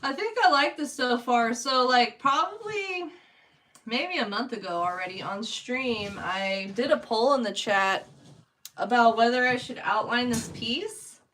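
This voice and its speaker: A young woman with a Californian accent chats casually to her stream while painting. Her voice sits a little high and sounds slightly distant from the microphone. She laughs often and speaks straight to her viewers. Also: measured pace, a bit bright. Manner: chatty, laughs often, talks to chat. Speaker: art streamer.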